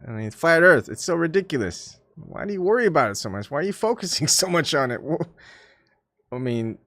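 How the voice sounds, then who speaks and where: A man's voice: fairly high pitch, big pitch swings, brisk, fairly bright tone, dry recording. A man hosting his own channel, chatting casually to his live-stream viewers in a rambling, self-mocking way with lots of fillers and restarts. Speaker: YouTube channel host.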